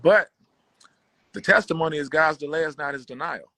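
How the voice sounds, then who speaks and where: A man guest on a conversation show, telling a story in relaxed slang and acting out what others said. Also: fairly high pitch, normal speed, no echo, low-quality recording. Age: adult with children. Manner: slangy, relaxed street talk; acts out quoted dialogue. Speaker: podcast guest, bassist.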